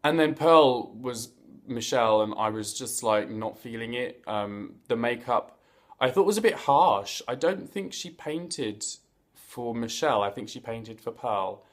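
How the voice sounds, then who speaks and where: A man's voice: mid-range voice, expressive, a little slow. A man hosting a casual review vlog. He talks in a chatty, playful way with campy slang and asides, and he stumbles over words now and then. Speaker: host of a reality TV review vlog.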